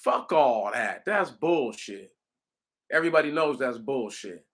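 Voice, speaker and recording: A man delivering a casual, rambling monologue, animated and profane, speaking straight to his listeners. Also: mid-range voice, measured pace. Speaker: commentator.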